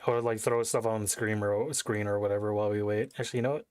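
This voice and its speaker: A man's voice: on the low side, steady tone, fast talker, darkish tone, clean tone, dry recording. Young male game streamer, rambling casual chat, swears offhand, dry close mic. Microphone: desk mic.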